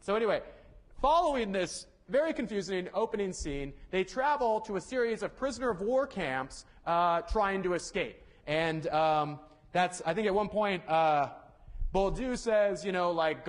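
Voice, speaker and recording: A young male lecturer with a fairly high voice talks through a university class in a loose, rambling way. He corrects himself often, fills pauses with ums and uhs, and tosses joking asides to the students. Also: animated. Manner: casual, rambling, self-correcting with many fillers. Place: lecture hall.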